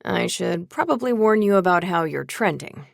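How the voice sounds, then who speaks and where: A woman doing a sarcastic, playful young guy, louder and brighter. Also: lowish voice, lively intonation, moderate pace, gravelly, no echo, studio quality. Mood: indignant. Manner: teasing, dramatic, sarcastic. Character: sarcastic, playful young male best friend.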